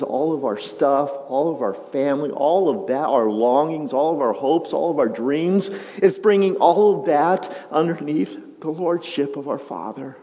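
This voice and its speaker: A male pastor preaching a sermon, moving from quiet, reflective passages to loud, emphatic build-ups. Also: on the high side. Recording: muffled sound with long hall reverb.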